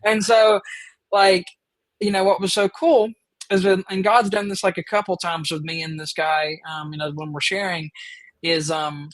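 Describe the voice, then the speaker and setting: A man with a drawl tells a story on his podcast, his voice pitched a bit above the usual male range. He rambles eagerly and leans on fillers. The sound is dry and close, with no room around it. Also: level tone, moderate pace, no room sound, low-quality recording. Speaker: podcast host. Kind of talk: casual storytelling chat.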